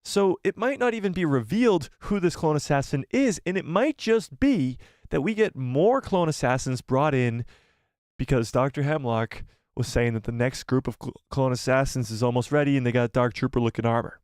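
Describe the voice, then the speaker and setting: A man hosting a casual live stream, excitably reading viewer comments aloud and swearing casually. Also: medium pitch, normal speed, no echo, clean studio sound.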